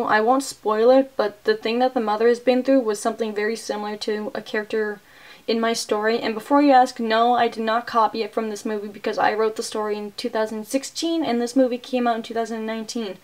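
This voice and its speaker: A woman's voice: fairly high pitch, fairly quick. Chatty woman recapping a movie. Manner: chatty, many fillers, excited retelling. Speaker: movie reviewer.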